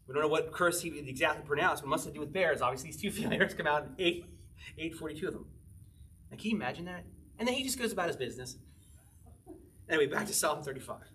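Conversational male preacher, fairly high voice, verse-by-verse Bible teaching, reads scripture slowly, chuckles often. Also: lively intonation, a bit bright, far from the mic, slight background noise. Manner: conversational, laughs often, slows to read scripture aloud. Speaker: pastor.

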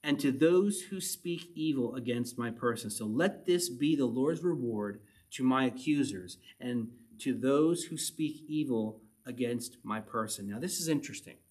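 A man teaching verse by verse from the Bible, reading passages aloud and then explaining them in a relaxed, conversational way. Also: mid-range voice, measured pace, hardly any pauses, husky. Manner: reads scripture then explains it conversationally, with little chuckles.

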